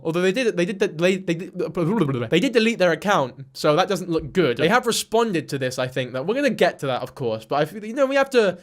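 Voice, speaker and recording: A man's voice: high-pitched, a bit bright. A young man hosting a commentary channel, talking in a dry, sarcastic, rambling way and swearing freely. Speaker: commentary YouTuber.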